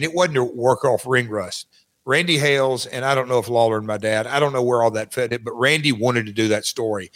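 A man's voice: medium pitch, fairly bright tone. A man speaking as an interview guest, talking casually and rambling with many restarts. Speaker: guest recalling his wrestling career.

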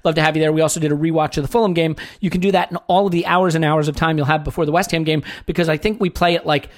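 A man's voice: a little high, steady tone, very fast. A man hosting a sports podcast, chatting casually in a wry, joking, rambling way. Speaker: podcast host.

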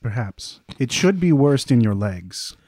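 A man voicing a calm, caring woman cleric who tends the wounded. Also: mid-range voice, measured pace, no echo, studio quality. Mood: reassuring. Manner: calm, reassuring.

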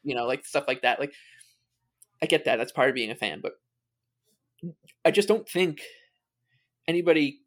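Rambling man with halting speech. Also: medium pitch, animated. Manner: rambling, halting, many fillers. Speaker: podcast co-host. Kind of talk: casual sports podcast chat.

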